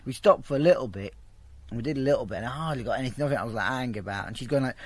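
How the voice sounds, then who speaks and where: A man telling a crude, profane anecdote in a blunt, animated way to an interviewer. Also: mid-range voice, racing, slightly rough, no echo. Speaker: storyteller. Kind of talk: casual anecdote told to an interviewer.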